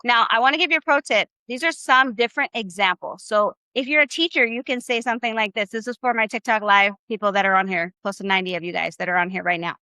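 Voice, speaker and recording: A woman's voice: mid-range voice, pushed and bright, clear, resonant tone, no echo. A woman teaching a live online Spanish class. She coaches her audience, keeps asking them questions and drills phrases with them.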